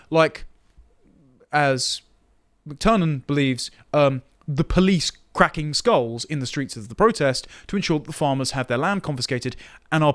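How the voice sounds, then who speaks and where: A man's voice: medium pitch, no room sound, studio quality. A man giving political commentary in a podcast, sardonic and reading long quotes aloud.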